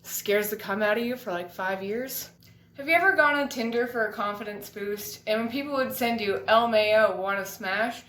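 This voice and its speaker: Deadpan young woman in an echoey room. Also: on the high side, normal speed. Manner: deadpan absurd one-liners. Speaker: comedian. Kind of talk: deadpan comedy sketch monologue. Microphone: household item used as a mic.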